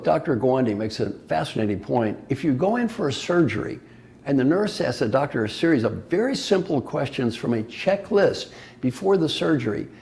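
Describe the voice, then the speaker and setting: A man's voice: medium pitch, gravelly, a little mellow. An older man giving a motivational talk as an executive coach, playful and emphatic, firing off rhetorical questions.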